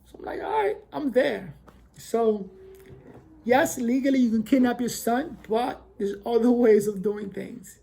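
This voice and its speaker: New man, casual storyteller, mellow gravelly tone, animated quoted dialogue. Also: very high-pitched, a little slow.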